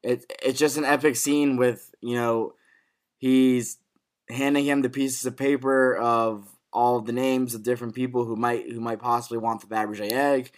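A man talks through a TV episode on a casual podcast. He gets worked up, swears freely and stumbles over his own restarts. His voice sits at an ordinary middle pitch for a man. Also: moderate pace. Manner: excitable, swears freely, restarts phrases often. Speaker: podcast co-host. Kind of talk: casual TV recap discussion.

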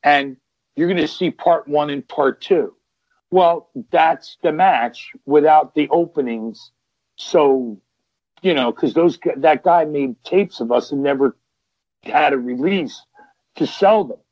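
A man's voice: on the high side, slow pace, no echo. Rambling middle-aged man telling stories. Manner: rambling, restarts and repeats, lively retelling of quotes. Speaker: veteran pro wrestler, podcast guest. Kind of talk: casual storytelling. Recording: dull, dry sound.

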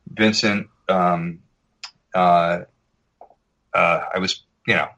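A man's voice: deep voice, fairly even intonation, very slow, sharp tone. An American man, an actor guest on a podcast, chatting casually and telling anecdotes, acting out voices and accents as he goes. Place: podcast recording.

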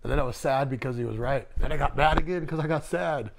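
A man's voice: mid-range voice, fast, gravelly, background noise. A man in his thirties from Las Vegas, a tattoo artist telling candid, emotional stories in a casual interview and swearing freely.

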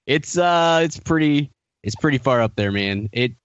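A man's voice: mid-range voice, expressive, normal speed, smooth, no room sound, lo-fi sound. A man co-hosting a podcast in casual chat, wry, laughing often, rambling with restarts. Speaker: podcast co-host.

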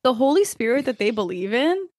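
A woman co-hosting a podcast, talking casually with wry, deadpan asides. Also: on the high side, a little fast, dry recording, clean studio sound. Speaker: podcast co-host. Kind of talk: casual chat.

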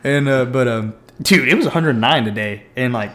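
A man's voice: mid-range voice, fast talker, few pauses, a bit bright. A young man, a guest on a podcast, chatting casually in a blunt, joking way and calling people dude and y'all. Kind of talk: casual chat.

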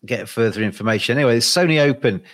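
A man with an English accent hosting a golf betting podcast, relaxed and joking as he reads out odds. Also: medium pitch, quick pace. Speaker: podcast host. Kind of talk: casual podcast chat.

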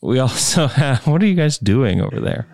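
A man's voice: mid-range voice, big pitch swings, moderate pace, darkish tone, no echo. A man hosting a podcast, chatting casually and reading out viewers' names from the live stream. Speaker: podcast host. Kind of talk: casual chat, reading stream shout-outs.

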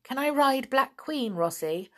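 A woman's voice: high voice, lively intonation, unhurried, fairly bright tone, pitched above the performer's own voice. A woman voicing a bold, eager circus boy in a storybook reading.

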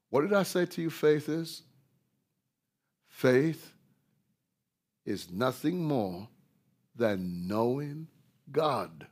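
A man preaching a sermon, slow and deliberate, who rises loud on scripture quotes and sinks low when he reflects. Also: breathy edge.

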